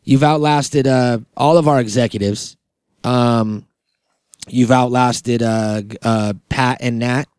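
A man hosting a comedy podcast, rambling in casual chat and deadpan mock-boss banter. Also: medium pitch, slow, clean tone, no room sound, clean studio sound. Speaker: podcast host.

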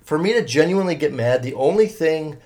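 A man's voice: fairly high pitch, lively intonation, fairly quick, a little mellow. A young man hosting his own podcast, telling stories in a rambling, profane, filler-heavy way. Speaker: podcast host. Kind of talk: casual solo podcast monologue.

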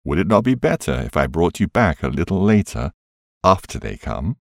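Man doing a soft-spoken kindly man, very deep, husky. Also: wildly swooping pitch, normal speed, no room sound, clean studio sound, full character voice. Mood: gentle. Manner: soft, gentle delivery. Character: gentle, patient kindly man.

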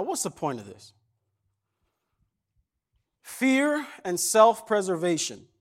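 In a church, a man with a high-sitting voice preaches a sermon as pastor. He retells a parable casually and conversationally, acting out the characters' lines.

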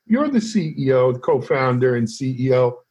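A man's voice: mid-range voice, big pitch swings, moderate pace, a little mellow, slightly rough. A man hosting an interview podcast, asking upbeat questions with a few restarts. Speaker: podcast host.

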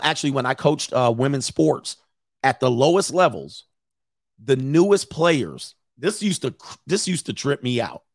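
Gravelly-voiced joking male host. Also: mid-range voice, no echo, clean studio sound. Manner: crude, joking, laughs often, acts out other people. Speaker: host and dating coach. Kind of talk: casual livestream commentary.

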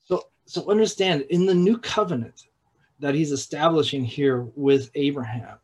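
A man preaching a sermon in a halting way, with repeated words and restarts, at times dropping to a hushed, slow voice for emphasis. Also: on the high side, breathy edge, poor audio. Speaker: pastor.

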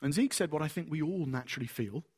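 High-voiced man preaching a lively sermon. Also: quick pace, breathy edge. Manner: animated storytelling, acting out voices.

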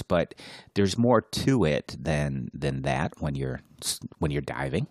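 A man with a very low voice co-hosting a podcast, musing slowly and letting his pitch swing widely as he stresses his points. The sound is close and dry. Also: big pitch swings, vocal fry, no echo. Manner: reflective, drawn-out emphasis. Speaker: podcast co-host. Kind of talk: casual chat.

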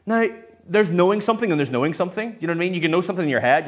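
A man, a pastor preaching a sermon in a lively, conversational way. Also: high-pitched, very fast.

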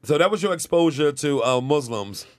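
A man's voice: a little high, expressive, moderate pace, no echo. Joking radio co-host man, dry studio sound. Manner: joking, crude. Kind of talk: casual radio banter.

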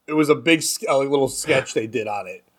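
A man's voice: mid-range voice, fast, slightly rough. Crude joking male podcast host. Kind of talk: casual comedy podcast chat.

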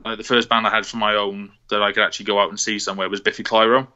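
A man's voice: lowish voice, flat delivery, very fast, sharp tone, lo-fi sound. A man from Wales, chatting casually about music, rambling with lots of fillers and restarts. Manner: rambling, many fillers and restarts, laughs easily. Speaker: guest on a music podcast. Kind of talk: casual chat. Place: on a phone call.

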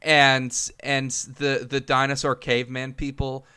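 Bright, clear-voiced man chatting casually. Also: medium pitch, little pitch movement. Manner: rambling, laughs mid-sentence, halting restarts. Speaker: podcast co-host. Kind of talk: casual comedic chat.

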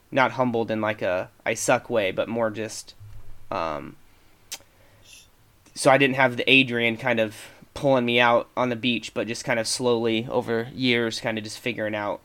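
A man's voice: medium pitch, fairly bright tone. A man co-hosting a podcast, speaking in a tentative, hedging way and leaning on many fillers. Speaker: podcast co-host. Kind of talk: reflective podcast discussion.

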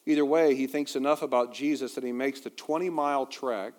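A man preaching a sermon as a pastor, conversational and quick to toss in humorous asides. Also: mid-range voice, steady tone, a little mellow.

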